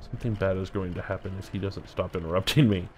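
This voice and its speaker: A man's voice: sits low, fairly even intonation, quick pace, slight background noise. A man hosting a let's play, commenting casually with fillers. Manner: casual, hesitant, with many fillers. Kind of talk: gameplay commentary.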